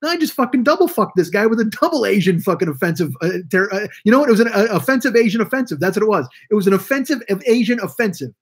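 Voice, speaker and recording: A man's voice: high-pitched, animated, very fast, few pauses, husky. A man hosting a live stream, telling a profane, rambling story about his rideshare driving. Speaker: podcast host and rideshare driver. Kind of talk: casual live stream monologue.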